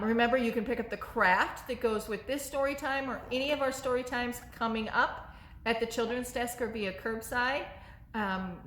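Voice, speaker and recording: A woman's voice: on the high side, a bit bright. Echoey children's librarian woman. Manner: upbeat, speaks to children with frequent check-in questions. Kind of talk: children's story time. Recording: echoey room.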